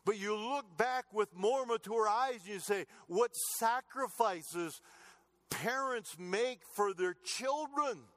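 Earnest preaching man, high-pitched. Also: expressive, takes it slowly. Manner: earnest storytelling, swings between loud emphatic lines and soft low asides. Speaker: pastor. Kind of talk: sermon.

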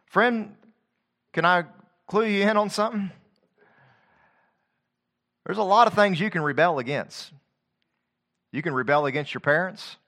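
Here a preacher recites scripture at a measured pace, stopping frequently, his rhythmic delivery swinging between quiet lows and loud crescendos.

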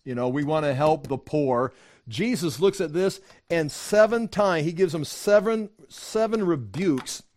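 A man preaching a sermon, teaching from scripture in a conversational, animated way, acting out quoted voices. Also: measured pace. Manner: animated, acts out quoted voices with rising pitch; conversational, with fillers and restarts. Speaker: pastor.

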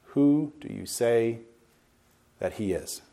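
A man teaching the Bible in sermon fashion uses a mid-range, mellow, expressive voice with some vocal fry. He leans hard on his points, slows to underline important words, and chats with listeners in asides.

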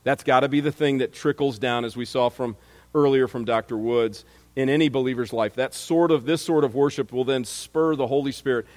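A man's voice: medium pitch, fairly even intonation, brisk, a little mellow, long reverb tail. A man preaching a sermon in a conversational way, reading scripture aloud and often restarting his sentences.

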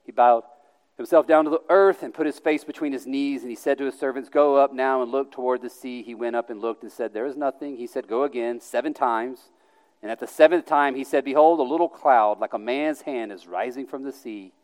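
A man reading scripture aloud with a smooth, resonant voice that sits at an ordinary pitch. His delivery is earnest and emphatic, with loudness swelling and falling. The recording carries the long, lingering reverb of a large hall. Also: fairly quick. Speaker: scripture reader.

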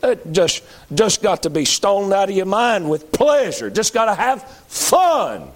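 A man preaching a sermon, moving between loud high-pitched calls and low pleading appeals. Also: big pitch swings, measured pace.

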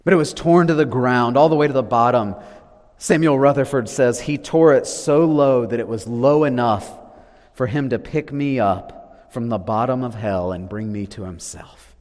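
A man preaching a sermon, swinging from loud declarations to hushed, low lines. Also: moderate pace. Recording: long reverb of a large hall.

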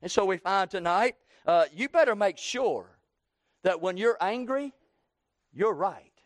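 A man in his sixties preaching a sermon, slowing down for emphasis and breaking into loud acted quotes. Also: high-pitched, expressive, no room sound, clean studio sound.

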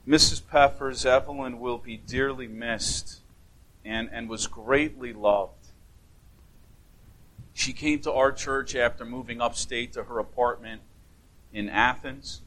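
Slow, gentle-spoken male pastor. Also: mid-range voice, steady tone, rough recording. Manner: gentle, earnest, with frequent restarts. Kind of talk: memorial service sermon. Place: church sanctuary.

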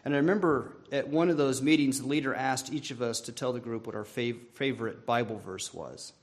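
A man preaching a sermon from the pulpit. He speaks earnestly and at a measured pace, lifting his voice to stress a point and letting phrases fall away softly at the end. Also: medium pitch. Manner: earnest, measured preaching with rising emphasis and soft trailing ends. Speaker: pastor.

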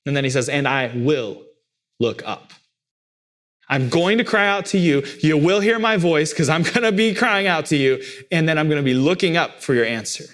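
A man's voice: fairly high pitch, lively intonation, brisk, hardly any pauses, fairly bright tone. Man preaching with rising emphasis. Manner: emphatic preaching, voice lifting sharply on key phrases. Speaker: pastor. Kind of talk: sermon.

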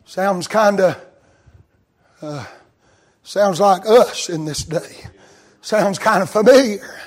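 A man preaching a fervent sermon, rising into shouts, with frequent fillers. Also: high voice, slow.

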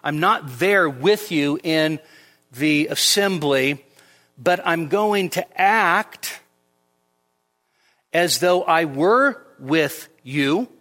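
Very slow yet animated, this male pastor's bright, forceful voice carries through a large hall as he delivers a midweek expository sermon in a church sanctuary. He keeps things conversational with many fillers and "right?" checks, lifting his pitch and volume sharply on scripture quotations.

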